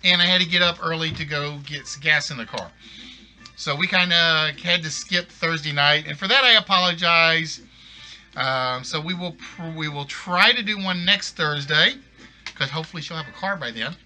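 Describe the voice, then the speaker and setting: A man hosting a live game show stream from home. His voice sits a bit high and sounds very bright. He talks in a loose, rambling way and keeps correcting himself. Soft music plays in the background. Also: normal speed. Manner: rambling, self-correcting, apologetic. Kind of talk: casual live stream chat.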